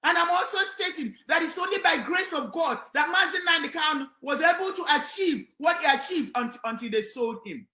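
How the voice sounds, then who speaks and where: A Nigerian woman holds forth on air with fervent, preacherly conviction, her high voice often rising to a shout. Her tone is bright and ringing. The recording carries a roomy echo. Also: expressive, fairly quick, hardly any pauses. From southeastern Nigeria. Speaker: commentator on air. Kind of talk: impassioned on-air commentary.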